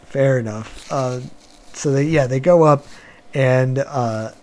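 A man's voice: mid-range voice, slow, a little mellow. A man hosting a podcast, casually retelling a cartoon episode in a loose, chuckling, wandering way. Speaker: podcast host.

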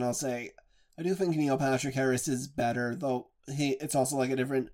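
A man in a relaxed podcast conversation, reviewing film roles in an easy, talkative way. He thinks aloud, circling back on his points with plenty of filler words. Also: medium pitch. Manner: chatty, reflective film reviewer. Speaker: podcast host. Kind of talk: casual podcast chat.

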